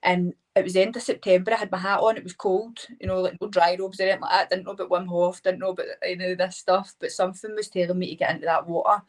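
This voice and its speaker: Animated Scottish woman telling a story. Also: lowish voice, fast, few pauses, rough recording. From Scotland. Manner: animated, laughing, many fillers like "like". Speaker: guest, hypnotherapist. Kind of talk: casual storytelling interview.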